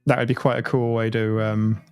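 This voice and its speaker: A man's voice: mid-range voice, little pitch movement, a little fast, a little mellow, faint music behind. Giggly British man streaming live. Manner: giggly, chatty, laughs often, rambling. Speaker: livestreamer. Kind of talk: casual livestream chat. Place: at home, watching his stream on a TV.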